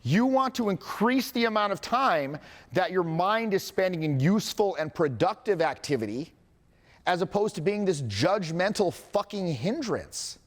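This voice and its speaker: A man's voice: sits high, sing-song, normal speed, long reverb tail. A man coaching a live audience on confidence, candid and profane, with joking asides and acted-out quotes.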